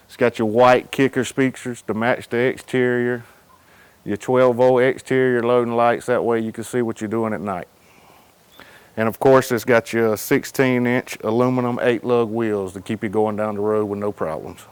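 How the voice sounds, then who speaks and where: Giving a relaxed walkthrough, the salesman leads viewers around the outside and interior of a cargo trailer, calmly naming its features in a plain, laid-back manner. His voice is smooth and medium-pitched.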